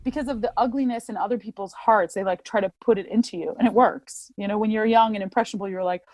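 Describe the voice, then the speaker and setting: A woman's voice: medium pitch, steady tone, fast talker, a little mellow, no room sound. A woman, an opera singer, talking candidly in an interview, reflective and earnest, with many "like" fillers. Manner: reflective, earnest, heavy use of "like".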